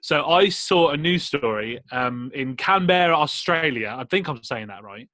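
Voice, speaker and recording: Bright-voiced young man telling a story. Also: fairly high pitch, normal speed, no echo. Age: 20s. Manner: lively, animated storytelling. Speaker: podcast co-host. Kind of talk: casual chat.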